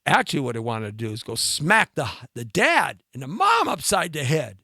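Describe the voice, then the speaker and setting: Animated ranting talk-show host man. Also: normal speed, no echo, clean studio sound. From mixed Latin and Scottish-Irish heritage. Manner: animated, ranting, mocking with sudden pitch jumps. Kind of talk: comedic monologue rant.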